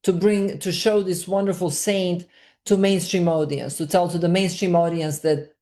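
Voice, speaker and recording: A woman speaks in a somewhat low voice, answering an interviewer earnestly. She explains at length and repeats words as she searches for her point. The tone is that of a filmmaker discussing her own work. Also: fairly even intonation, moderate pace, mellow.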